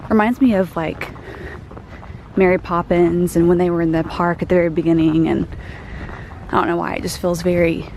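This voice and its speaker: A woman's voice: on the low side, fairly even intonation, normal speed, creaky, long pauses, darkish tone, a little hiss or hum. A young American woman chatting enthusiastically with many fillers as she films a travel vlog. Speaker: travel vlogger. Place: out of doors in a park and city.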